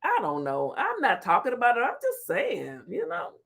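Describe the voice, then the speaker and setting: Animated woman livestream host. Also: on the high side, normal speed, gravelly, slightly rough. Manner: animated, laughs often, talks back to chat. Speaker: talk show host reading live chat. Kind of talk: casual livestream chat.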